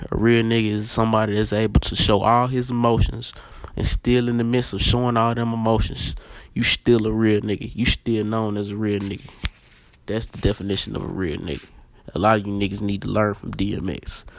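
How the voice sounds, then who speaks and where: A man's voice: on the low side, level tone, brisk, vocal fry, no echo. A man hosting a casual podcast, talking bluntly and profanely with emphatic repetition, lecturing his listeners directly. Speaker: podcast host.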